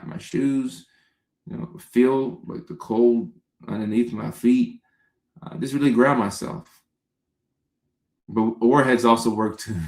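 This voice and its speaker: Guy chatting on a livestream, reading comments, gravelly voice, roomy echo. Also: medium pitch, darkish tone. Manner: unhurried, talks straight to viewers by name. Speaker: comedian and livestream host answering chat. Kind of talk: casual livestream chat.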